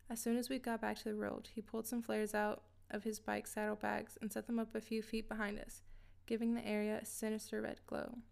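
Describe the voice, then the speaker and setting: A woman reading a scripted first-person story in a steady, even way. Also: mid-range voice, brisk, creaky, clear, resonant tone. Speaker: narrator.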